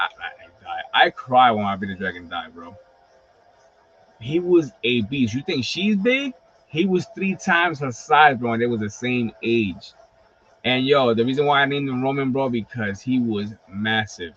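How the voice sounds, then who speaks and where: A man hosting a livestream, talking casually in an animated, profane storytelling style full of fillers. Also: mid-range voice, slightly rough. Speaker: host of a wrestling collectibles livestream. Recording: slightly dull lo-fi stream audio.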